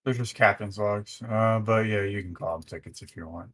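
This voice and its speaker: A man's voice: lowish voice, normal speed, fairly bright tone. A man chatting casually with fellow server admins while working on a game map, laid-back and swearing freely.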